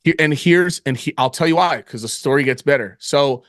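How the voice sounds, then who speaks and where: A young man with a slightly high voice, recorded close and dry, spinning a story on a podcast. He talks in an animated, profane rush. He keeps jumping into loud re-enactments of his own lines. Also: brisk, no room sound. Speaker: podcast co-host. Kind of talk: casual storytelling chat.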